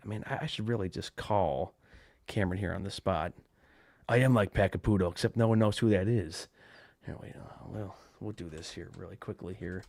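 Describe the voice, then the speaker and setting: Hosting a live-streamed podcast, a man with a fairly low, darkish voice chats loosely with his viewers, rambling off the cuff and circling back with fillers and restarts. He's close to a covered desk mic, giving a dry, deadened sound with no echo.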